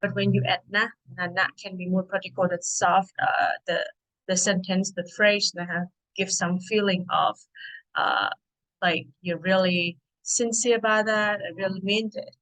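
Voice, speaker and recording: Woman, Thai accent, language teacher, online lesson, patient, slow repetition of words. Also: mid-range voice, fairly even intonation, fairly bright tone, poor audio. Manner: patient, repeats words slowly for learners.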